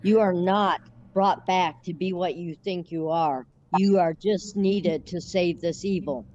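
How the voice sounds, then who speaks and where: A woman's voice: fairly low pitch, a little mellow, dull audio, slight background noise, voice pushed down, natural voice. Woman doing a stern, solemn paladin. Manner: slow, solemn and formal.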